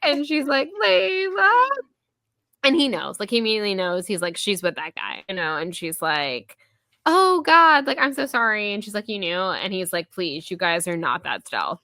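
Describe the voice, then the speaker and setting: A woman talking through a book in easy, casual chat. She leans on filler words and keeps slipping into the characters' lines. Her voice is bright and a little low-pitched, recorded dry and close. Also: lively intonation, no echo. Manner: chatty, many fillers, quick voiced quotes. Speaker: podcast host.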